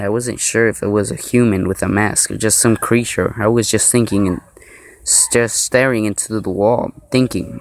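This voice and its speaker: A man's voice: on the low side, slight background noise, poor audio. A man reading a horror story aloud in a mock-serious way, breaking off with joking asides. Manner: joking asides and laughs between narration. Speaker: story reader.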